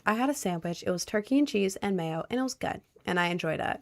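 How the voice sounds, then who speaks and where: A woman's voice: mid-range voice, expressive, a little fast, a bit bright. A young woman from Maryland chatting casually on a livestream, answering viewer questions with playful, dry sarcasm. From Maryland, USA. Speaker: streamer reading chat.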